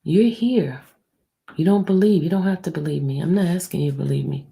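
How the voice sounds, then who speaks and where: A woman hosting a livestream, speaking low and hushed, near a whisper, and answering her viewers in a blunt, defensive way. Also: a little fast, gravelly. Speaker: livestream host. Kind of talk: livestream talk answering the chat.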